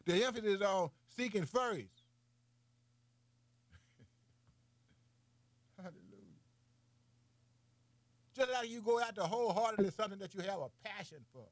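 A man preaching informally, firing off rhetorical questions, calling the listener man, boy and baby, laughing between phrases and swinging between loud and soft. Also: high-pitched, expressive, brisk, vocal fry, pauses often, no room sound.

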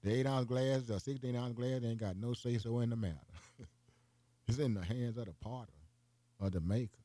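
An older man preaches a broadcast sermon in a folksy, brisk, mellow way, often calling his listeners "boy" and rising into high, emphatic runs. The recording is dry.

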